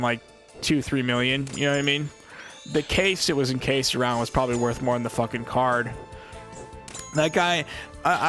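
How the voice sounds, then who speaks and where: A young man streaming live, ranting casually and at length, swearing a lot and filling every pause with "you know what I mean". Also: medium pitch, fairly bright tone. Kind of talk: casual livestream rant.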